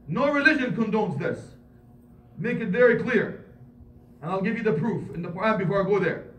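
A man giving an impassioned sermon as an imam, switching into quick Arabic recitation and building to emphatic peaks. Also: sits high, lively intonation, fairly bright tone. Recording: echoey hall, mic at a distance, faint noise.

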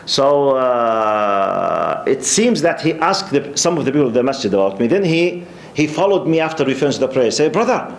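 A middle-aged man from Jordan with a Jordanian Arabic accent, a lecturer giving a lively religious talk full of stories, laughing often and repeating words. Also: mid-range voice, moderate pace, creaky. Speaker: Islamic studies lecturer. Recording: roomy echo.

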